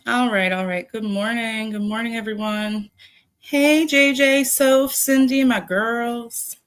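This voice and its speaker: A woman's voice: a little high, fairly even intonation, takes it slowly, smooth. A woman hosting a livestream, greeting viewers by name in a casual, laughing, swearing chat. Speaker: livestream host.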